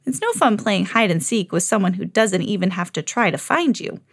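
A woman hosting a children's podcast, reading a picture book aloud in a clear storytelling voice. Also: medium pitch, animated, normal speed, dry recording, clean studio sound.

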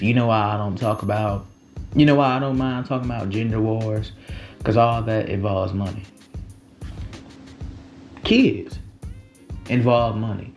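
A man's voice: medium pitch, vocal fry, a little mellow, low-quality recording. Rambling, profane young man. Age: 20s. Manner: rambling, profane, slangy, with many restarts. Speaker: livestream host. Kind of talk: casual late-night monologue.

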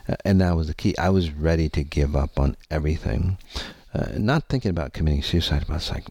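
A man's voice: very deep voice, steady tone, moderate pace, darkish tone, no echo. A man telling a candid personal story to his audience, rambling and earnest, with many fillers and some casual swearing.

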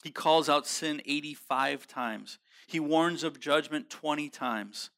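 A pastor preaching a sermon, earnest and emphatic, with casual slang and frequent restarts. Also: male voice, a little high, slow pace, fairly bright tone. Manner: frequent restarts and repeated words.

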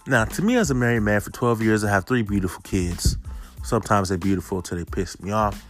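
A man in his thirties telling a casual story straight to his viewers, animated, stacking rhetorical questions and cursing casually. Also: lowish voice, fairly quick, faint music behind.

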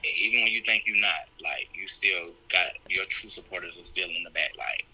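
Bright-voiced young man telling stories. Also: sits low, brisk, slightly rough, rough recording. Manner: laid-back, laughs often, easygoing storyteller. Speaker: podcast co-host. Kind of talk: casual storytelling chat.

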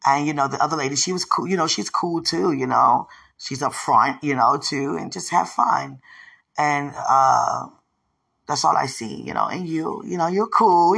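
A speaker leaving a rambling, affectionate voice message, gushing with warmth and thanking God along the way. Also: mid-range voice, expressive, moderate pace, gravelly, husky. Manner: effusive, rambling, affectionate, often devout.

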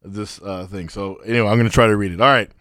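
A man's voice: on the low side, fairly even intonation, fast talker, a bit bright, smooth, no room sound, clean studio sound. A man co-hosting a podcast in casual, teasing banter. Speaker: podcast co-host. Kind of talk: casual chat.

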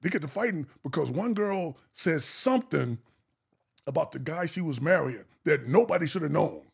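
A man with a high voice and a gravelly, husky edge tells wild stories as a podcast guest. He talks in a loose, slangy and animated way. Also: normal speed. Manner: animated, slangy, laughing storyteller. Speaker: guest, male stripper. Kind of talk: casual storytelling.

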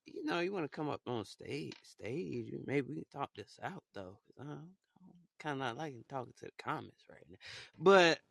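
A man's voice: mid-range voice, pushed and bright, dry recording, clean studio sound. A man chatting casually on a live audio stream, rambling in slang, full of fillers and restarts. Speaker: live audio room host.

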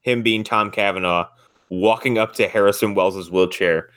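A man co-hosts a casual podcast chat, rambling, swearing and laughing as he acts out quotes. His voice is lowish and fairly bright, with fairly even intonation and a moderate pace. The recording is dry, with clean studio sound.

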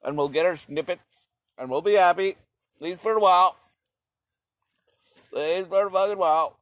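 A man's voice: high-pitched, normal speed, no echo. A man talking in a rambling, profane philosophical monologue, repeating his phrases as he goes.

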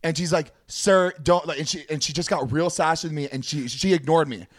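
A podcast co-host telling a story in casual chat, animated and swearing freely. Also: male voice, fairly high pitch, fast talker.

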